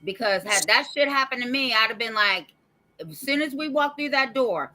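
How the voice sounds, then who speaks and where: Bright, firm-voiced woman giving advice. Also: on the high side, lively intonation, moderate pace. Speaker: podcast host. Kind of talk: casual chat.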